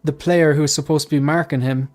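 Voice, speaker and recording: A man's voice: a little high, steady tone, fast talker, darkish tone. A man hosting a casual livestream panel chat, telling stories with lots of restarts. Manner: rambling storyteller, many restarts. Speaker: livestream host.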